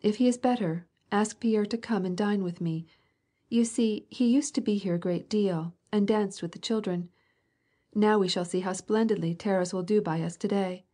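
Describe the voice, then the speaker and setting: Audiobook: woman reading as a hospitable old nobleman, chatty and fond, voice a touch husky. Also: sits high, moderate pace, warm tone. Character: genial elderly male count, hospitable host.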